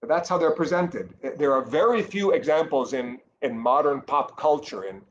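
A man's voice: on the high side, expressive, moderate pace, muffled recording, slight background noise. Earnest man teaching catechesis. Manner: earnest, explanatory, with frequent fillers and restarts.

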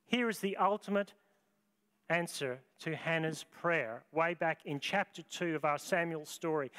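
A man in his fifties delivers a sermon from the pulpit. He tells the story slowly and dramatically, pausing often. His voice sits a little high for a man. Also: fairly bright tone, smooth. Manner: dramatic, slow deliberate storytelling with long pauses. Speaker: pastor.

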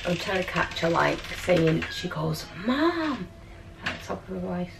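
A woman's voice: fairly low pitch, flat delivery, normal speed, gravelly, background noise. A woman, a mother, talking in coaxing, giggly baby talk to her toddler in a small playroom crowded with toys. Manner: sing-song, coaxing, giggly.

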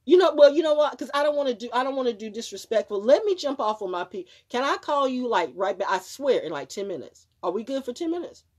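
A woman's voice: on the high side, big pitch swings, fast talker, hardly any pauses, darkish tone. A woman hosting a live stream, talking casually in a rambling, emphatic way with frequent swearing and restarts. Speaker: livestream host.

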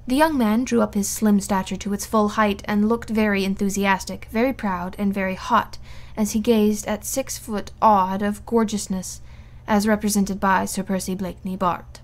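A woman reading a classic novel aloud in a steady, even narration. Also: mid-range voice, moderate pace. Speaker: audiobook reader.

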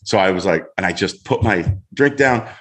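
A middle-aged man, a guest on a show, telling a story in an animated way and acting out voices as he goes. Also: low voice, normal speed. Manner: lively, acts out voices in his story.

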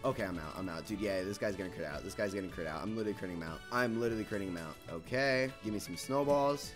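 A man's voice: low voice, very fast, over music. A young man giving frustrated, swearing commentary over his own gameplay and repeating himself a lot. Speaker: gaming video creator.

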